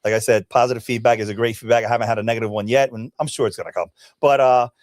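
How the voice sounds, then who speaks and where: Quick upbeat guy guesting on a podcast, lots of ums, dry close sound. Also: fairly even intonation, dry recording. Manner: upbeat, pitching an event with many fillers. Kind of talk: casual chat.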